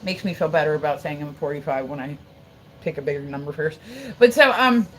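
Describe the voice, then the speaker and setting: The voice is a woman's, low-pitched and brisk, captured on poor audio. In her forties, she tells a lengthy livestream story in a loose, rambling way, cursing freely, filling her speech with "like," and breaking off to thank and talk with viewers between stories.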